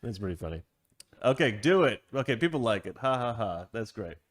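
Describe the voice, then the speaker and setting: Animated man chatting on a livestream. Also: mid-range voice, a little fast, no echo. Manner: animated, acts out voices when telling a story. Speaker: livestream host. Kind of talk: casual livestream chat.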